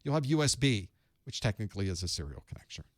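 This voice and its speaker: A man's voice: lowish voice, big pitch swings, fast talker, no room sound, studio quality. A man giving a live study-group lesson, explaining casually with fillers and asides to his chat. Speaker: online course instructor.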